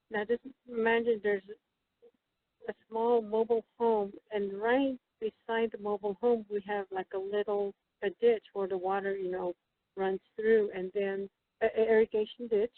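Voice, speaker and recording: A woman's voice: mid-range voice, dry recording. Woman telling a story on a tinny phone line. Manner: halting, many fillers and restarts, quoting others. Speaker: guest. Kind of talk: casual storytelling over the phone. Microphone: telephone.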